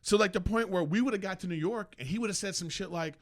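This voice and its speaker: A man's voice: high-pitched, brisk. A man in casual chat, making crude, teasing wisecracks.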